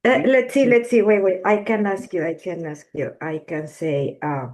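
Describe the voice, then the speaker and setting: A woman's voice: fairly low pitch, steady tone, normal speed, a little mellow. A woman learning in a casual language lesson, hesitantly repeating phrases after her teacher. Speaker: language student.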